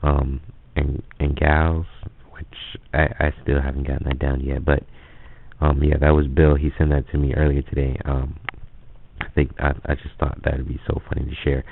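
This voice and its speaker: A man with a very deep, gravelly voice rambles through a casual story, stumbling and restarting often. The sound is tinny and phone-like. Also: little pitch movement, moderate pace. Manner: rambling, hesitant, many restarts. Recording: phone-like lo-fi audio.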